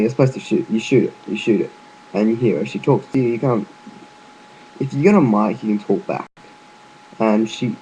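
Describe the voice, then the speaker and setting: A man's voice: fairly low pitch, warm tone, a little hiss or hum, rough recording. A man casually explaining a video game's backstory, loose and chatty, with lots of fillers and restarts and the odd swear word. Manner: offhand, with occasional swearing. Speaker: gaming video narrator.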